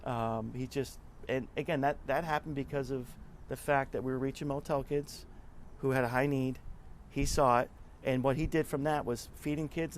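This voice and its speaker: Man, interview guest, earnest storytelling, repeats words, mid-pitched, faint background hiss. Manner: earnest, repeats words while telling stories. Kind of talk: conversational storytelling.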